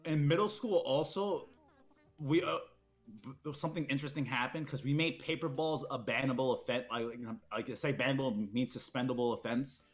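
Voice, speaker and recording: A young man telling rowdy school stories in casual chat, profane and animated, with heated outbursts. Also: mid-range voice, fairly quick. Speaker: streamer's friend telling stories.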